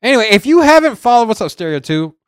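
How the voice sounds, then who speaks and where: A man co-hosting a podcast in casual chat, animated and acting out other people's lines as he tells a story. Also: extremely high pitch, quick pace, clean tone, dry recording, clean studio sound. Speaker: podcast co-host.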